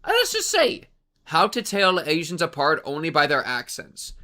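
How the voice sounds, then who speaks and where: A man streaming a reaction to a game, talking loudly and excitedly and calling everyone bro. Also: a little high, moderate pace. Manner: loud, excitable, keeps calling people bro.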